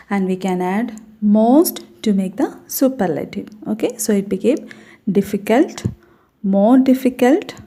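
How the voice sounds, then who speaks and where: A woman's voice: medium pitch, dark tone. A woman teaching an English grammar lesson, patiently repeating example words and checking in with "okay" as she explains.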